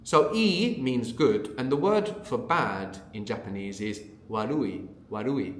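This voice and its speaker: A man's voice: medium pitch, big pitch swings, moderate pace, roomy sound. Male teacher explaining patiently. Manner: conversational, explains patiently, often adds a questioning "no?". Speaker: language teacher. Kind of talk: unscripted audio language lesson.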